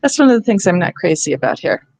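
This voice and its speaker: A woman's voice: on the low side, big pitch swings, quick pace, vocal fry, a little mellow, no room sound. A woman leading a reading workshop for teachers, explaining letters and sounds step by step.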